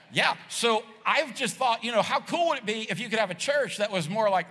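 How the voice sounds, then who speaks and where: A man's voice: very high voice, brisk, few pauses, husky. A middle-aged man preaching a casual, jokey sermon to a church crowd, acting out voices as he goes. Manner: animated, jokey, acts out voices. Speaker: pastor. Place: large church hall with audience. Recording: long hall reverb.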